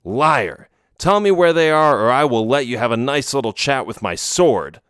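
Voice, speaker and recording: A man's voice: mid-range voice, lively intonation, moderate pace, clear, resonant tone, dry recording, lightly acted. A fierce young male elf warrior, voiced by a man reading a storybook, pushing his threats with a raised, commanding voice. The sound is dry and close, with no room around it. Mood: demanding. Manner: demanding, threatening.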